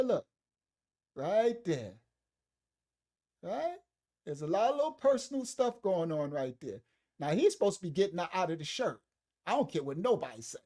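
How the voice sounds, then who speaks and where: A speaker giving casual livestream commentary on video clips, animated, laughing often and talking back to the chat. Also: mid-range voice.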